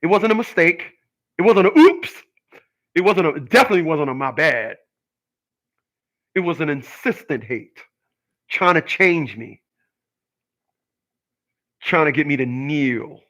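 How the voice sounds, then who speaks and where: A man's voice: a little high, lively intonation, a little slow, long pauses, a bit bright. A man hosting his own channel, delivering an emphatic solo rant and repeating his points for force. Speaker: channel host. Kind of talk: solo ranting monologue.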